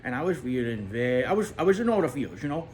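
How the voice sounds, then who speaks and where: A man's voice: mid-range voice, sing-song, fast talker, darkish tone, natural voice. A talkative male toy pup spins a comic story, as a man puts him on. His voice swoops up and down, full of repeated words and chuckles, and there is a faint hum of room ambience behind. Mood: chatty. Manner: rambling, repeats words, laughs at own jokes. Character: chatty male toy dog, jokey and rambling. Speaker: storyteller host.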